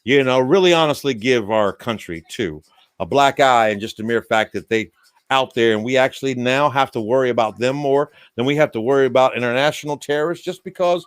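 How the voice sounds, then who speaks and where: An American livestream host drinks beer while giving a loose, rambling, folksy monologue. His medium-pitched voice is a little fast, with a clean tone.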